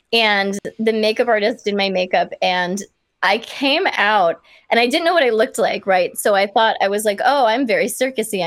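A young woman from Kansas, appearing as a guest, tells a casual story in a bubbly way packed with "like" fillers. Her voice is on the high side, with no room sound.

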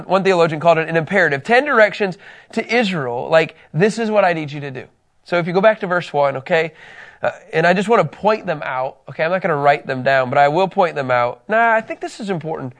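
A man teaching a Bible study lesson in a conversational, animated way, telling personal stories. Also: high-pitched.

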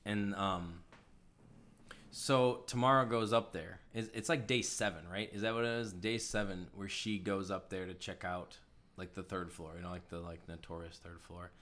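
A man's voice: low-pitched, fairly even intonation, normal speed, fairly bright tone. A man co-hosting a casual chat, chiming in and then retelling part of a story. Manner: chatty, chimes in with short reactions. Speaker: podcast co-host.

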